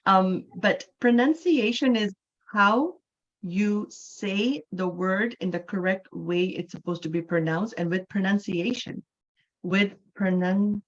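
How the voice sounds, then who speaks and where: A woman's voice: mid-range voice, unhurried. Female English teacher from Canada, mid-range voice, explanatory and checks in with "right?"; muffled online-class sound.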